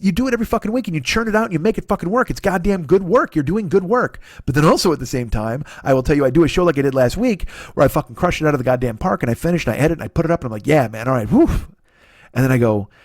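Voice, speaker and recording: A middle-aged man rattles through a profane, self-deprecating comedy monologue at high speed, his voice sitting a little high. He jumps up in pitch to act out the people he quotes. The sound is dry and close, with no room around it. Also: no room sound. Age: 40s. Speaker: podcast host. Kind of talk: solo comedy podcast monologue.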